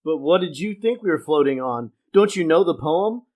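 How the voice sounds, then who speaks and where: Man doing a blustery cartoon dad, loud and bragging, a notch higher than his own voice. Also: animated, moderate pace. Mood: grumbling. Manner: loud, boastful, exaggerated. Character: bumbling loudmouth middle-aged cartoon dad, gloating.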